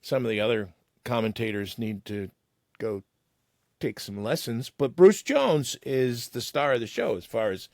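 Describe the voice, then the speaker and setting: A man's voice: medium pitch, expressive, moderate pace, dry recording, clean studio sound. A man hosting a podcast in casual chat, talking straight to the listeners. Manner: chatty, addresses listeners. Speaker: podcast host.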